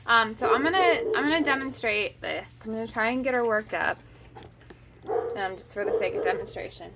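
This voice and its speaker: A woman dog trainer calmly explaining puppy training, methodical and often pausing to hesitate. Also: a little high, heavy background noise. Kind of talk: instructional explanation.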